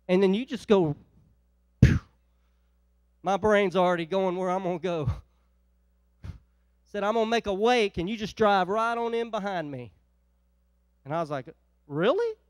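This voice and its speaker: A male pastor preaching a sermon, telling a folksy story and swinging from loud exhortation to quiet, chatty asides. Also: high voice, no echo. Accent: Northeast Ohio.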